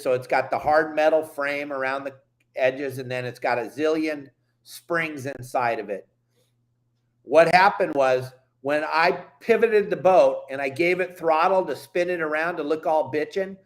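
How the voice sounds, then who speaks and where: A man hosting a fishing show, telling a story with excitable, slangy exaggeration and a Californian accent. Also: on the high side. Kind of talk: animated storytelling.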